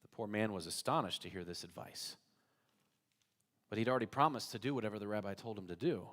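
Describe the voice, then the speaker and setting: A man preaching a sermon as pastor, telling a story in an animated way. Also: on the low side, fast. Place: church sanctuary. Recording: church hall reverb.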